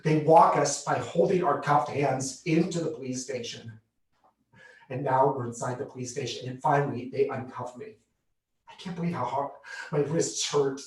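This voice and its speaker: A man performing a solo theatre piece, telling his own story with vivid, expressive delivery. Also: medium pitch, normal speed. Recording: roomy theatre heard from a distance.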